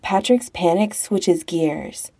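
Slow, gravelly woman narrator. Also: on the low side, mellow. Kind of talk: audiobook narration of a romance story.

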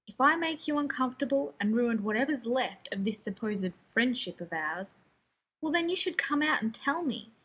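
A woman's voice: sits high, a bit bright, husky, pitched above the performer's own voice, heavily acted. A woman voicing a prickly, arrogant male genius scientist stuck in a woman's body, snapping and ranting in exasperation.

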